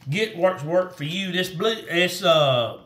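Guy rambling about fishing gear, high bright voice, echoey room a bit far from the mic. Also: lively intonation, slow pace. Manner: rambling, repeats himself, folksy. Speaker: fishing vlogger. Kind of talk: casual how-to talk.

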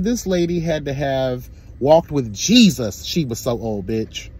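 A man telling a story in a sassy, profane, animated storytime rant. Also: medium pitch, measured pace, breathy edge. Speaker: vlogger.

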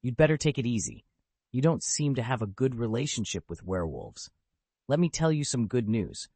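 A man's voice: medium pitch, big pitch swings, normal speed, dark tone, husky, dry recording. Man voicing a cool, matter-of-fact young wizard.

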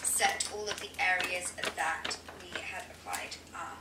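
A woman's voice: lowish voice, unhurried. Woman narrating a makeup tutorial, noisy and distant. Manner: relaxed, step-by-step instructing. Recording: echoey, distant playback with loud noise.

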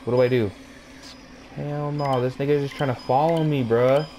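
A young gaming YouTuber gives loose, profane running commentary as he plays a video game, talking to his viewers and reacting out loud with laughs. His mid-range voice keeps a steady tone at a moderate pace, with game music and other background noise under it.

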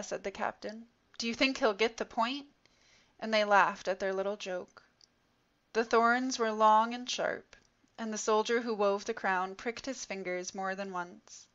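A woman reading a scripture passage aloud in a slow, measured, solemn way, as in a church. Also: medium pitch, fairly bright tone. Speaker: scripture reader. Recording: dull lo-fi recording.

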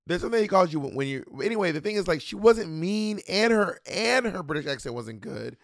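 A man's voice: sits high, sing-song, a little fast, creaky, no room sound, clean studio sound. A man co-hosting a casual podcast review of a TV show, rambling and acting out quoted voices. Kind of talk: casual chat.

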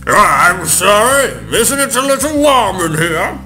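A man voicing a sleepy, rambling male bird who teaches math, with a gravelly drawl. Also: high-pitched, expressive, slow pace, pushed and bright, voice pushed up, exaggerated voice. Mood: drowsy. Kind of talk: game dialogue read aloud. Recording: game music behind.

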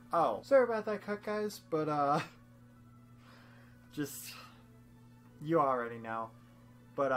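A young woman doing goofy, rambling let's-play commentary with frequent laughs, over faint game music. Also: extremely low pitch. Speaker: game streamer.

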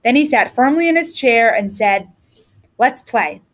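Teacher reading a picture book aloud to children, clear and expressive, a bit high. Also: female voice, moderate pace. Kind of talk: storybook reading.

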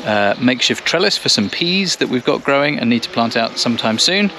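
Relaxed man explaining in a garden. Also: medium pitch, a little fast, a little hiss or hum. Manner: relaxed, explanatory, some hesitations. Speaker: co-host of a gardening channel. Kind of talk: casual explaining to camera. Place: outdoors in a garden.

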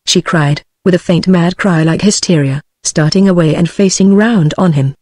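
A computer-generated woman's voice with a British English accent, reading a novel aloud at an even, synthetic pace. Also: lowish voice, normal speed, hardly any pauses, no echo. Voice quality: synthetic, evenly paced. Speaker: audiobook narrator. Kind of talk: text-to-speech audiobook reading.

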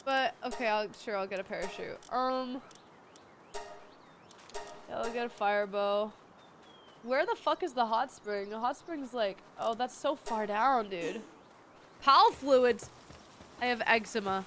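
A woman streamer chatting casually and profanely while gaming, with a sore throat, excitable and squealing over cute things. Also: a little high, unhurried, long pauses, slight background noise.

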